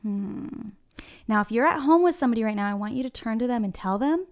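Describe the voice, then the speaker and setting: Kindergarten teacher, high and bright-voiced, clear, encouraging, talks right to the kids from her classroom. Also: animated, very fast. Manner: encouraging, talks straight to the children. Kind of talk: online reading lesson for young children.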